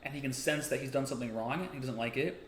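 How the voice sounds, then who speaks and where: A man co-hosting a casual book discussion, retelling the plot and acting out the characters' lines in quick asides. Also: mid-range voice. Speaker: podcast co-host. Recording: roomy echo.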